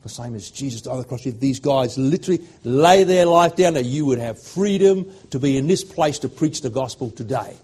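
A middle-aged Australian man preaching a sermon, swinging from loud fervent declarations to hushed, emotional storytelling. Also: mid-range voice, expressive, a little fast, hardly any pauses, husky.

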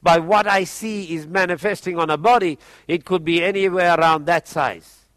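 A man acting out a blunt, matter-of-fact doctor in a slightly lowered version of his own voice. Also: moderate pace, a bit bright, no room sound. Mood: grave, blunt. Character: blunt, grave male doctor.

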